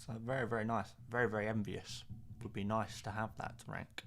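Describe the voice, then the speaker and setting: A man's voice: fairly low pitch, level tone, fairly quick, a bit bright, a little hiss or hum. A man streaming live, reading out viewer comments and chatting back in a casual, joking way with plenty of fillers. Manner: reads out viewer comments and chats back jokily; chatty, with frequent fillers and laughs. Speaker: fantasy football streamer.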